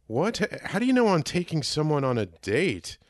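A man's voice: on the high side, sing-song, moderate pace, no room sound, clean studio sound. A man playing a stammering, flustered user. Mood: exasperated. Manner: stammering, exasperated. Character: flustered male chatbot user. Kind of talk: comedy sketch acting.

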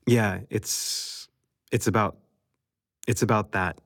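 A man's voice: lowish voice, steady tone, slow, fairly bright tone, no room sound, studio quality. A man giving casual, thoughtful reaction commentary, a little hesitant. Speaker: vlogger.

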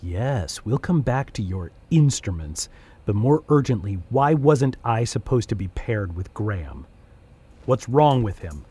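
A proud, prickly male alien prisoner for a radio drama. His husky voice swings widely in pitch. He stays indignant and cutting. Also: very animated, unhurried, warm tone, full character voice. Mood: scornful. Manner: contemptuous and indignant. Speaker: alien prisoner sharing a human's mind. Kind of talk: audio drama acting.

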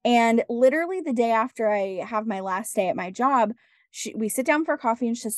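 A woman with a fairly high voice shares her story as a podcast guest, chatty and animated, slipping into the voices of people she quotes. The sound is close and dry, with no room around her. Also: fairly quick, no room sound. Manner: animated, acts out dialogue, laughs often. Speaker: podcast guest, business strategist. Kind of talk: casual interview storytelling.

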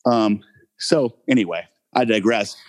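A man telling a story about his early acting career in a relaxed interview, rambling with many fillers and frequent laughs. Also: fairly low pitch, a little slow. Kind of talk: casual anecdote in an interview.

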